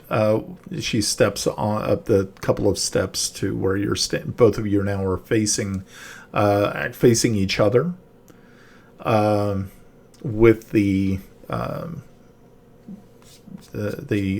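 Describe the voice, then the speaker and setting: Slow, low-voiced male game master. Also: creaky, darkish tone. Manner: halting, many fillers and restarts. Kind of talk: narrating a tabletop game.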